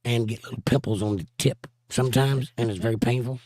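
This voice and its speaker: A hoarse man hosting a casual livestream, reading chat comments aloud and joking around. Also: medium pitch, fairly quick, a little mellow, dry recording, studio quality. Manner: joking, playful banter.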